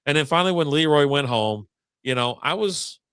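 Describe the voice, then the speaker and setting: A man's voice: a little high, lively intonation, fairly quick, a bit bright, smooth, no room sound, clean studio sound. A man hosting a casual podcast chat, telling a long story with lots of swearing and acted-out quotes. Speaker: podcast host.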